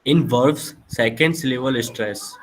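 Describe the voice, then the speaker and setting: A man, a student, answering his teacher in class in a halting way, with many fillers. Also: mid-range voice, rough recording.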